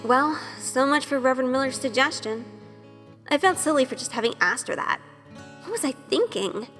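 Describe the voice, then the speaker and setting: Shy young woman narrator, earnest and self-questioning, slightly high voice, reverberant with light music. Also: moderate pace, a bit bright. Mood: self-conscious. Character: shy, nervous young woman, obsessive and curious. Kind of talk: first-person audio drama narration.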